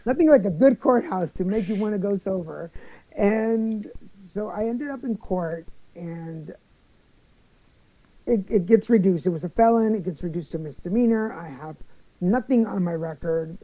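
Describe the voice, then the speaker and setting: A young man being interviewed, telling his story in a candid, animated way and acting out other people's lines. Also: sits high, moderate pace, no room sound, poor audio. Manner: animated storyteller, acts out quoted voices, many restarts. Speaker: guest.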